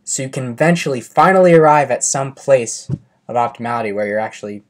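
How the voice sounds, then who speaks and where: A man's voice: mid-range voice, expressive, quick pace. A man in casual podcast chat who explains his ideas at length and swears freely. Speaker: podcast guest.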